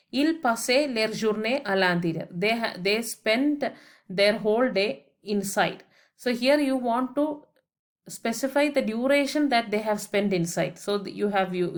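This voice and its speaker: A woman French teacher giving a methodical grammar lesson voice-over, spelling words out letter by letter and adding English translations. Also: medium pitch. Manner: explains each point with English translations.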